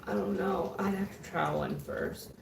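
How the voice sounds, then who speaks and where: A middle-aged woman with a West Texas accent, talking softly and matter-of-factly over dinner. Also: medium pitch, fairly even intonation, normal speed, gravelly, far from the mic. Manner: soft-spoken, plain, matter-of-fact. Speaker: co-host. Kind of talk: casual chat while eating dinner. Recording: echoey room, off-mic.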